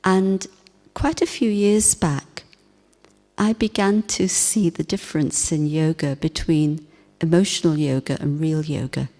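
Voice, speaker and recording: A woman giving a spiritual class talk, speaking in a gentle, reflective way with soft emphasis. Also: low-pitched, unhurried. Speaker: spiritual teacher. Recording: long hall reverb.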